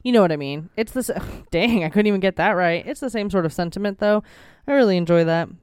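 A woman's voice: medium pitch, animated, fast talker, darkish tone, smooth, dry recording, clean studio sound. A young woman co-hosting a podcast in casual chat, rambling and playful with lots of fillers. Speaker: podcast co-host. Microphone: desk microphone.

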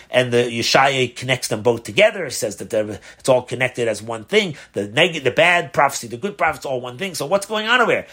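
A rabbi teaching a class on a religious text, posing questions and answering them in a conversational, animated way. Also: male voice, a little high. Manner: asks rhetorical questions, animated emphasis. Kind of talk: Torah class explaining a text.

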